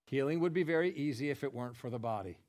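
A man with a mid-range voice preaches a sermon at a quick pace. He chats with the congregation in asides, then builds to emphatic, forceful passages.

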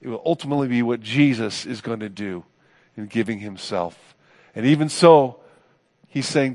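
A man's voice: medium pitch, normal speed. Male pastor, mid-range voice, earnest sermon delivery in a church hall with long reverb. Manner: earnest preaching with rising emphasis and soft trailing phrases.

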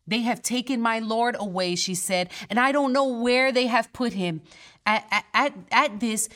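A woman's voice: medium pitch, a bit bright. A woman pastor preaching in a church with a mid-range voice. She talks to the congregation earnestly and conversationally, and slips playful asides in between the scripture passages. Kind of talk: sermon.

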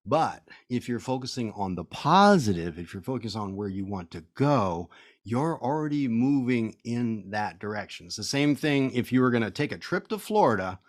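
Podcast co-host, male, relaxed and self-mocking, mid-pitched voice, dry close mic. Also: normal speed, no echo. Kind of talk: casual chat.

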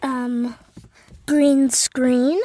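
A woman's voice: high-pitched, little pitch movement, drawn-out words, mellow, no echo. A young female co-host with a silly playful manner, answering in short bursts. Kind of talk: playful casual chat.

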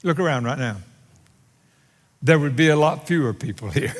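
A man preaching a sermon to his congregation, with a dramatic, drawn-out delivery and wry humor aimed at his listeners. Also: lively intonation. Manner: dramatic, drawn-out delivery with bold swings in pitch and volume. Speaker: pastor. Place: church sanctuary. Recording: long hall reverb from a large sanctuary.

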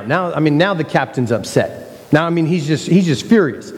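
Male pastor, conversational sermon delivery, slightly raised pitch. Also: expressive, moderate pace, a little mellow, in a large hall. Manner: conversational preaching with playful mock quotes.

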